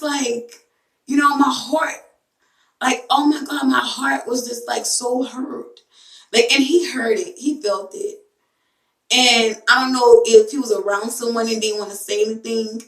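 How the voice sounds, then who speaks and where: A woman's voice: fairly high pitch, steady tone, measured pace, a bit bright, recorded from a distance. A young woman in a casual vlog, telling an emotional story in a rambling way full of fillers. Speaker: vlogger. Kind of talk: casual chat to camera. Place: home bathroom. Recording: echoey bathroom, voice from mic.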